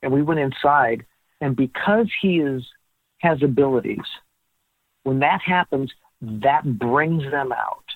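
Male guest storyteller, animated, plays out the dialogue; tinny, dry phone-line audio. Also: mid-range voice, slow pace, no echo. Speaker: guest author. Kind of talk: storytelling in a podcast interview.

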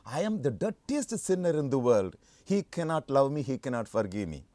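A man preaching who briefly voices a bitter grown man who insists he is beyond forgiveness, quoted inside a sermon with a lively, rising and falling pitch. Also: moderate pace, no echo, lightly acted. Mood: despairing. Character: bitter, despairing grown man who calls himself the worst sinner.

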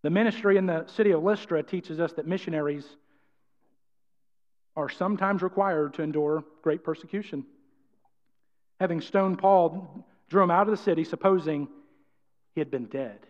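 A man's voice: a little high, normal speed, long pauses, a little mellow. A man preaching a sermon with energy and emphasis, often acting out quotes. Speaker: pastor. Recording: dull sound, long church-hall reverb.

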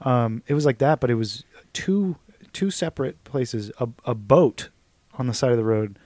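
A man co-hosting a casual, joking chat, rambling and trailing off softly. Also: mid-range voice, normal speed, dry recording.

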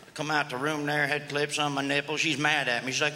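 A Southern-accented man works a stand-up crowd in a folksy redneck drawl, his voice sitting fairly high for a man. He keeps tossing questions out at the audience. The sound has a long hall reverb and clear background noise from a live stage. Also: fairly even intonation, a little fast. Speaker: stand-up comedian. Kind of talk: stand-up comedy set. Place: live comedy festival stage.

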